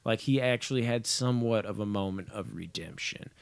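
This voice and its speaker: A man's voice: fairly low pitch, a little fast, creaky, clean tone, no echo. Rambling, profane young man reviewing. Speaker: movie and TV reviewer. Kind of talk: casual spoken episode review.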